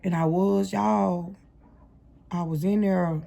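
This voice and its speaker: A woman's voice: fairly low pitch, fairly even intonation, slow pace, gravelly, warm tone. A young adult woman telling her life story in a casual storytime monologue, slangy and speaking straight to her viewers.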